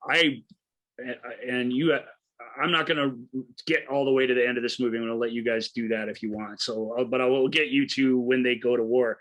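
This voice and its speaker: A man co-hosting a movie podcast, telling a film's story with eager, halting enthusiasm and many restarts. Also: mid-range voice, bright, forceful tone. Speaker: podcast co-host. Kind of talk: casual movie review chat.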